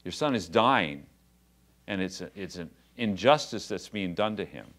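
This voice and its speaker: A man's voice: low-pitched, lively intonation, normal speed. A man preaching a sermon as pastor, talking conversationally and then building to passionate, rising emphasis. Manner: conversational asides with quiet drops.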